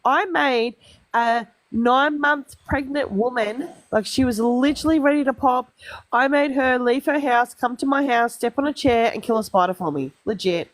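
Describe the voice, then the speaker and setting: A high-voiced Australian woman chats on a phone livestream. She is blunt and swears freely, and she rambles happily through her stories. The sound is dry and close, with no room around it. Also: moderate pace, no echo. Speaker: guest on a livestream. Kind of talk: casual chat. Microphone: phone mic on a livestream.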